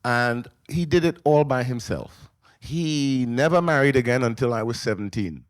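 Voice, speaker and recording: A man in his sixties tells his family's story at a live book event, speaking into a microphone. His voice sits in a middle register and sounds dry and close, with no room around it. He is an animated, emotional storyteller who acts out the voices of the people he describes. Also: medium pitch, dry recording. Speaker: memoir author on a festival panel. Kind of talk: personal storytelling at a book talk. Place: live event in a library venue.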